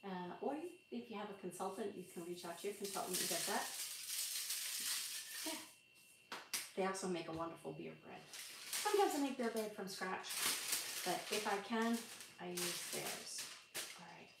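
A woman hosts a casual live cooking stream from her home kitchen, talking through each step as she works. She sits a little away from the microphone, so her voice carries a roomy echo with steady noise underneath. Her tone is chatty and relaxed, and she laughs off small mishaps. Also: mid-range voice, normal speed, creaky, pauses often. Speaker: livestream cooking host. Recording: echoey room, far from the mic, audible noise.

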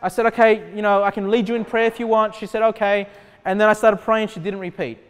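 High-voiced male pastor preaching casually in a church hall, lots of asides to the congregation. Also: fairly even intonation, fast talker. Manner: conversational preaching, many rhetorical questions and asides. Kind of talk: sermon. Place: church sanctuary. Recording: long church hall reverb.

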